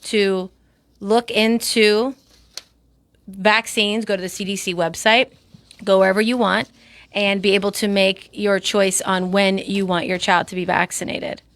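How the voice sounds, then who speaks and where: A woman's voice: medium pitch, steady tone, unhurried, a bit bright, dry recording. A woman co-hosting a local talk radio show, speaking earnestly. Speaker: radio co-host.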